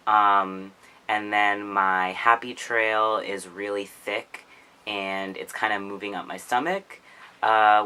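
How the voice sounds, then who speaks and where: Vlogger, male, low register with a sharp bright edge, rambling filler-heavy casual talk. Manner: rambling, full of "like" and "um". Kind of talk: casual chat.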